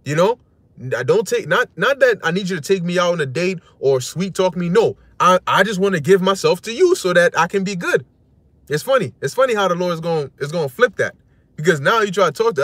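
High-voiced man preaching casually. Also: expressive, a little fast, fairly bright tone, no room sound. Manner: slangy and conversational, full of "you know" and short laughs. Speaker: religious teacher. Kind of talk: casual religious talk.

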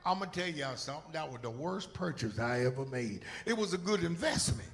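Gravelly pastor preaching with emotion. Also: male voice, fairly high pitch, lively intonation, brisk, hardly any pauses. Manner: emotional preaching, swinging from loud shouts to hushed whispers. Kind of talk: sermon. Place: church sanctuary.

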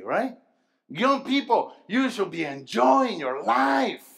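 A man with a high voice preaches to a youth gathering, taking his time over each phrase. He keeps asking the congregation questions and waits for them to answer. His delivery drops low and quiet, then rises to loud, emphatic bursts. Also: sing-song, slow pace, gravelly. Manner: call-and-response, asking the crowd questions. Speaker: pastor. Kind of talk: sermon to a youth rally.

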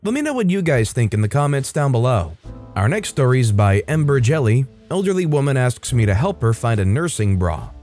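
Male storytime host, mid-pitched, animated read of reddit posts, soft music bed. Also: brisk. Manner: lively, acts out quoted lines with shifts in pitch. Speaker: narrator reading reddit stories. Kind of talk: scripted storytime narration. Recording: faint music behind.

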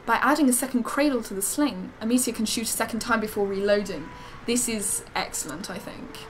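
A woman chatting excitedly while playing a game on a live stream, gasping and giggling and reading game text aloud. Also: on the high side, a little fast, a little hiss or hum, low-quality recording. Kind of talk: casual live-stream chat.

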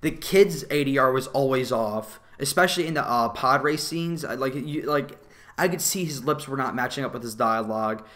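Bright-voiced young man ranting about movies. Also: mid-range voice, moderate pace. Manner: blunt, animated, profane ranting. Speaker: movie reviewer. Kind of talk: casual opinionated review.

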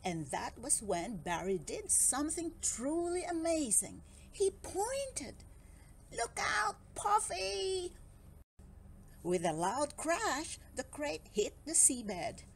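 A woman reading a children's picture book aloud in an expressive, sing-song storytelling manner. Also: fairly high pitch, slow, few pauses, a little hiss or hum.

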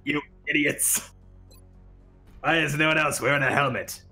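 A man's voice: on the high side, fairly even intonation, measured pace, bright, forceful tone, faint music behind, heavily acted. A man playing a stiff, grumbling soldier. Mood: exasperated. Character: stiff, sensible male soldier, grumbling at his squad.

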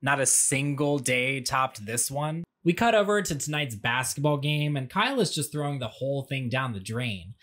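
A man's voice: mid-range voice, lively intonation, normal speed, few pauses, a bit bright. A man recapping a movie for laughs, with sarcastic, wry asides. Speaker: movie commentary host. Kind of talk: comedic movie recap narration. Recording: audio glitch.

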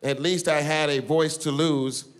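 High-voiced guy doing roast jokes onstage, slow and teasing, big crowd loud behind him. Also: steady tone, clear, resonant tone. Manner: playful, mock-shocked asides. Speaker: comedian stepping in at a roast. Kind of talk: stand-up roast delivery. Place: stage before a live audience. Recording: loud live crowd noise.

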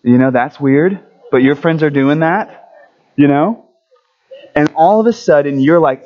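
A man giving a children's story at a church service, friendly and animated, asking the kids questions as he goes. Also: on the high side, a little slow, muffled recording.

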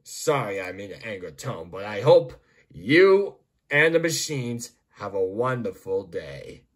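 A man voicing Bob the Builder, slow and breathy. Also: on the low side, big pitch swings, exaggerated voice. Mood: upbeat. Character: cheerful male builder, friendly leader. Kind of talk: amateur storybook voice acting.

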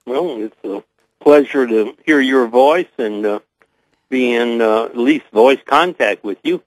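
An older man with a Southern US accent speaks as an interview guest over a voice connection. He moves slowly through his thoughts with frequent pauses and fillers. His voice sits at a middle pitch and sounds dry, with no room echo. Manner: hesitant, many pauses and fillers.

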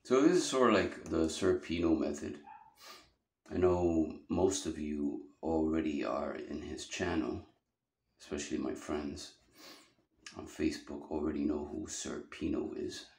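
A man's voice: extremely low pitch, unhurried, vocal fry, darkish tone, echoey room. A man teaching a drawing lesson, talking casually and thinking aloud as he sketches.

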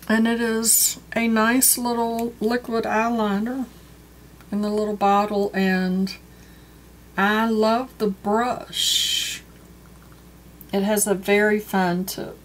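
A woman's voice: medium pitch, a little hiss or hum. A woman reviewing a beauty box unboxing in casual, frank chat, openly annoyed about value. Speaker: beauty vlogger. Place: home porch.

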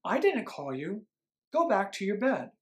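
A man's voice: sits high, huge pitch swings, measured pace, a bit bright, full character voice. A man voicing an old, nearly blind priest who is patient but firm, in a story read to children.

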